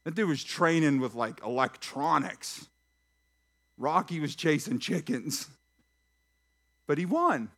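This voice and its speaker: A pastor preaching a sermon in church, lively and talking straight to the congregation with questions and jokes. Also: male voice, fairly high pitch, slow pace, long pauses. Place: church sanctuary.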